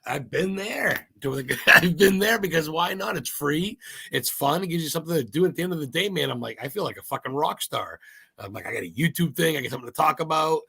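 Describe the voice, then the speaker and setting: A man from Maine, a podcast guest, talking in a rambling, excitable way and swearing freely. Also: a little high, fast, creaky, slightly rough. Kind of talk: casual interview chat.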